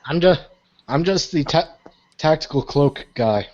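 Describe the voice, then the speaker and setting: A man's voice: on the high side, expressive, measured pace, darkish tone. A man playing in a tabletop game, blunt and stammering. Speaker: player. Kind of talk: in-character tabletop play. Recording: dull lo-fi mic with faint hiss.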